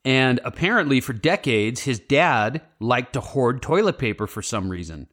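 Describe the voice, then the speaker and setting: A man's voice: mid-range voice, very animated, moderate pace, a bit bright. A man co-hosting a casual podcast, reading out feel-good news stories in an upbeat way and laughing easily. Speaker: podcast co-host. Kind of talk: casual chat.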